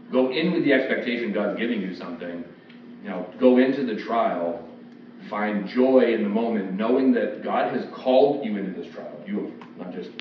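A pastor with a fairly low voice gives a loose, conversational expository sermon in a church sanctuary, voicing the quotes he reads. The recording comes across echoey, distant and dull, carrying a little hiss or hum.

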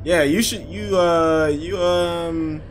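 A man's voice: a little high, fairly even intonation, slow pace, a little hiss or hum. A young man casually commenting on gameplay, joking and sarcastic toward the characters. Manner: jokey, sarcastic, mocks the game characters. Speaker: gaming channel host.

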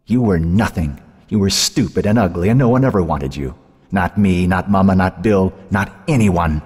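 A man's voice: low-pitched, normal speed, darkish tone, breathy edge, big-room sound. An audiobook narrator voicing a cruel, possessive young woman who mocks and hisses with venom. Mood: mocking. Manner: mocking, venomous, hissing.

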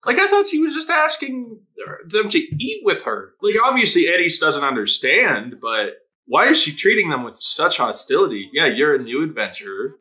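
With a fairly high-pitched voice, a man laughs his way through a casual anime episode reaction. He's excitable, curses freely, and throws in fast put-on voices for the characters.

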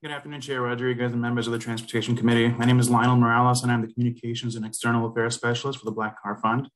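A man reading prepared testimony as a spokesman for an advocacy group, brisk and businesslike, at a remote hearing over a video call. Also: medium pitch, little pitch movement.

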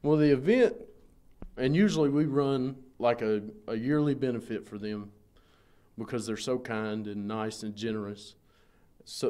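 A man's voice: mid-range voice, mellow. A man, a pro wrestler, giving plain, laid-back answers in a casual local TV interview. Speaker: pro wrestler promoting a show.

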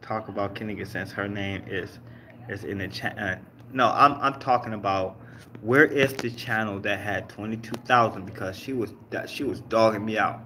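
This livestream host, a man with a voice on the low side, speaks at normal speed in a bright, forceful tone. He chats loosely and profanely with viewers, teasing them throughout, with slight background noise.

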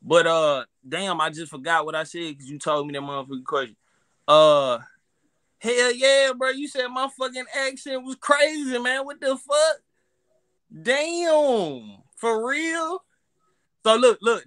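A high, bright Southern man rants in a profane, animated way. His voice is sharp and forceful. It sounds close and dry, with no room echo. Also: moderate pace. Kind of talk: casual chat.

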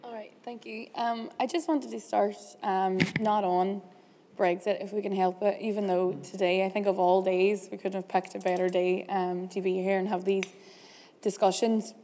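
A woman, moderating a panel discussion in a relaxed way with frequent ums. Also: medium pitch, moderate pace. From Derry, Northern Ireland. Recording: hall with long reverb.

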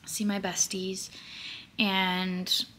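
A young woman chatting casually to camera in a vlog, with a chatty way of talking and soft, quiet asides. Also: mid-range voice, completely flat delivery, very slow. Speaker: vlogger.

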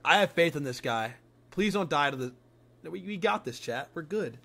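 Excitable young male game streamer. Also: fairly high pitch, normal speed, gravelly. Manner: excitable, swearing, yells and laughs at plays. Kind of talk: live game streaming commentary.

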